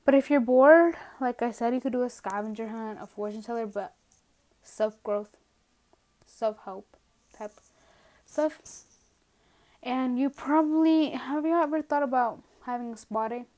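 A young woman with a slightly high voice talks alone into her podcast from home. She rambles in a casual, self-mocking way, trails off into asides, and sounds a little out of breath. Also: unhurried, long pauses, darkish tone. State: a bit out of breath. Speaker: podcast host. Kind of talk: casual solo rant. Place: at home, indoors.

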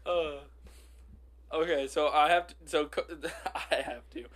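A man co-hosting a casual podcast, telling an improvised story with giggles and halting starts. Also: on the high side, steady tone, a bit bright. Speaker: podcast co-host.

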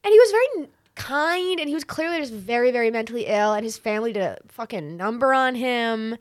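A woman from New York City telling stories as a guest on a casual podcast chat, in an animated way. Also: on the high side, fairly quick, no room sound. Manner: animated storyteller. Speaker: guest, playwright and comedian.

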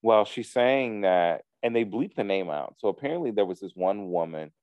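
A man casually recapping a reality show to a co-host, telling the story with lively quoted asides. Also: fairly low pitch, normal speed, no room sound, muffled recording. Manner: animated storytelling with profanity, acts out quotes.

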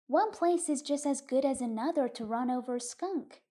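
A woman's voice: sits high, normal speed, mellow, natural voice. A woman voicing Joe, an easygoing farmer father who teases the boys, in an audiobook reading. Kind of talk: audiobook reading of a short story.

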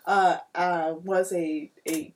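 A woman's voice: lowish voice, slow, slight background noise. A woman co-hosting a podcast, chatting casually and retelling comic stories with acted-out quotes. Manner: animated storyteller, acts out quotes. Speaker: podcast co-host. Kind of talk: casual chat.

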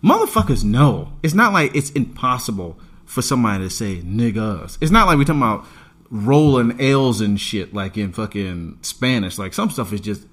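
A man's voice: fairly low pitch, normal speed. A man in a casual podcast chat, ranting emphatically and swearing freely. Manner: animated, profane, emphatic ranting.

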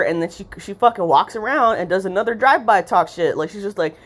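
A woman's voice: mid-range voice, expressive, fairly quick, hardly any pauses. A young woman ranting casually about a pharmacy visit, swearing constantly and rambling, with sarcastic asides and mocking impressions.

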